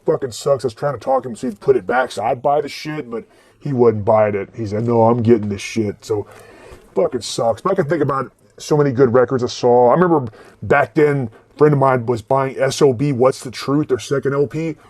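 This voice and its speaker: A man's voice: mid-range voice, a little fast, darkish tone, dry recording. A man in his forties telling rambling, profane stories about record stores in a casual way. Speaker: vlogger and record collector. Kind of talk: casual storytelling.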